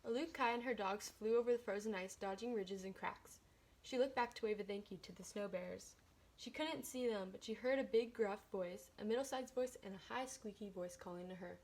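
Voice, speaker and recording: A woman's voice: mid-range voice, brisk, a little mellow. Woman reading a picture book aloud. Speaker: storybook reader.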